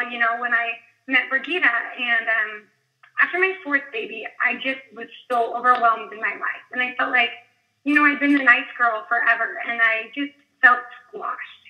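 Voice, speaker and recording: A woman in her thirties, a guest coach, telling her story in a candid, rambling way with a scratchy, strained voice. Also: fairly high pitch. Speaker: guest speaker, fitness coach. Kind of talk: casual personal story on a call. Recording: tinny phone line.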